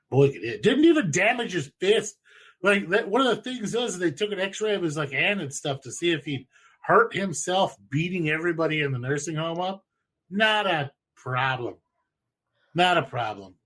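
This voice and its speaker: Guy rambling, swears a lot, kinda high voice, casual chat. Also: fairly bright tone, breathy edge. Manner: rambling, profane storytelling. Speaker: podcast host.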